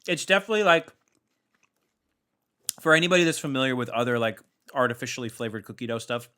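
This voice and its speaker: Young male co-host, bright and animated, easygoing and detail-minded in a casual snack chat. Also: mid-range voice, fast talker, smooth. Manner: descriptive, easygoing, notes details. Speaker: podcast co-host. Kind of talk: casual chat, food tasting review.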